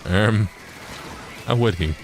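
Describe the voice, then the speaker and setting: A man with a fairly low voice chats on a game stream, putting on a mock Canadian accent. He stays deadpan and adds "eh" to the ends of his lines. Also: slow, music in the background. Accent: put-on Canadian. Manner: deadpan joking bit, tags lines with "eh". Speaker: co-streamer guest. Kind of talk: casual game-stream chat.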